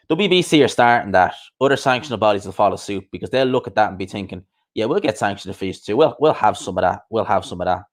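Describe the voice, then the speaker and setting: A young man hosting a boxing talk show, ranting bluntly and heatedly, swearing and repeating himself. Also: fairly low pitch. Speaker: boxing podcast host. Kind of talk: casual ranting commentary.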